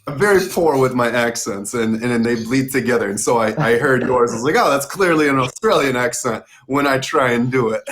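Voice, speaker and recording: A man's voice: medium pitch, lively intonation, normal speed, a bit bright, a little hiss or hum. A man hosting a live-stream interview show, talking in an enthusiastic, chatty way and laughing easily. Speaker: host.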